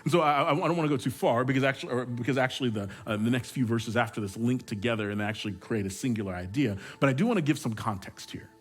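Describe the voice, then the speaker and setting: A man's voice: mid-range voice, fast, few pauses, husky, soft background music. A man pastor preaching a sermon, telling stories in a casual, joking way with frequent restarts. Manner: conversational, humorous storytelling with repeated restarts.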